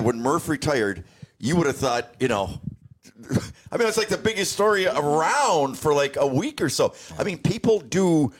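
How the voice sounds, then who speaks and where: A man hosting a local radio talk show, telling stories in a chatty, casual way. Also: mid-range voice. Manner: chatty storyteller. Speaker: radio host.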